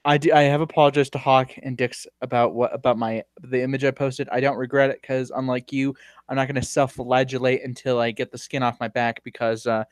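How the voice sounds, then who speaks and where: A man's voice: mid-range voice, little pitch movement, brisk, smooth. A man guesting on a live stream talks in a dry, close sound with no room echo. He stutters and repeats his words, laughs often and launches into crude rants. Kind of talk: casual live stream chat.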